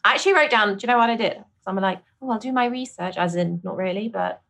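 A middle-aged woman with a British accent, a vocal coach chatting as a guest on a podcast, laughing often and jumping into bright, high exclamations. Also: fast, vocal fry. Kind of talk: casual interview chat.

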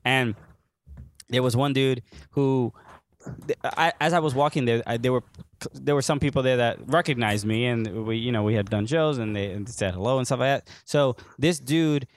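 A man's voice: mid-range voice, moderate pace. A young man from the United States, co-hosting a casual soccer podcast, telling a rambling story full of fillers and laughter. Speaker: podcast co-host. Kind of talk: casual chat.

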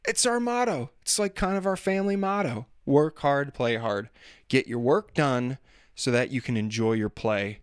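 A man's voice: mid-range voice, normal speed, clear, resonant tone, dry recording, studio quality. A man in his thirties hosting a casual solo chat, rambling with laughs, restarts and self-mocking asides. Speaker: podcast host and musician.

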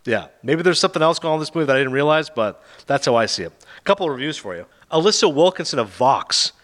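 A man talks through films in a casual podcast chat, sarcastic and animated as he retells plots. His speech is quick and his pitch swings widely. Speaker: podcast host reviewing films.

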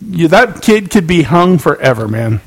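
A man with a gravelly, somewhat husky voice, co-hosting a podcast in casual chat. He teases and needles with dry sarcasm. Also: fairly high pitch, very animated, moderate pace, poor audio. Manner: sarcastic, teasing. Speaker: podcast co-host.

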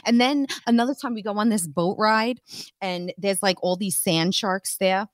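A woman telling a story on a podcast in casual chat, animated and swearing often between bursts of laughter. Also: medium pitch, moderate pace, no room sound. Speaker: podcast co-host.

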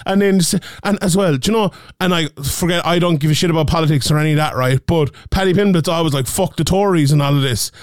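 Podcast host, lively chatter, lots of laughs, smooth higher voice, dry close mic. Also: male voice, quick pace, few pauses, no echo. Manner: animated, laughs often, swears, restarts a lot. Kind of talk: casual MMA podcast chat.

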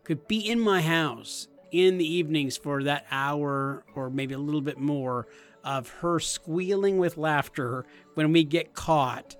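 Brief: male podcast co-host, thirties, higher voice, animated storyteller, faint music underneath. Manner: animated, acts out game moments in loud high voices. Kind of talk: casual chat.

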